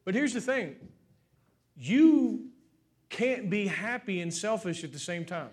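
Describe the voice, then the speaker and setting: Male pastor, high voice, heartfelt sermon delivery that swings between fervent and soft. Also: animated, moderate pace. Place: church stage with congregation.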